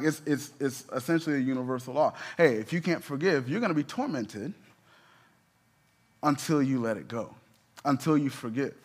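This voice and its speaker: Male pastor, slightly high pitch, conversational sermon with emphatic peaks. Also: slightly rough.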